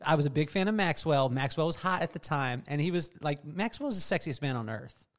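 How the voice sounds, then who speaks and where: Man, podcast host, casual chat, high-ish voice, jokey storyteller, laughs a lot. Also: expressive, brisk. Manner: joking storyteller, laughs often.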